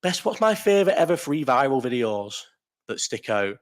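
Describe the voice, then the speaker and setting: A man's voice: mid-range voice, sing-song, moderate pace. A young man hosting a casual live chat, blunt and rambling, swearing freely and restarting his sentences. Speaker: live stream host.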